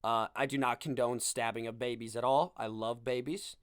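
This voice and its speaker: A young man hosts his podcast in a comedic monologue, sarcastic and full of self-mocking asides. His voice sits in a middle pitch. The sound is dry and close, with no room echo. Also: steady tone, normal speed, clean tone. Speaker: podcast host.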